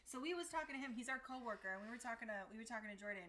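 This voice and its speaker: A woman's voice: on the high side, lively intonation, rapid-fire, crowd noise. A woman co-hosting a podcast in casual chat, candid and blunt, laughing often. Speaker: podcast co-host.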